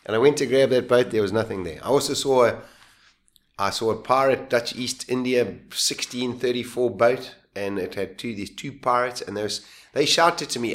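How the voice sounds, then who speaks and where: A man's voice: on the low side, a little fast. Man telling a vivid story. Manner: vivid, acts out his own lines and voices, laughs while telling. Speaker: guest. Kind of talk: animated storytelling.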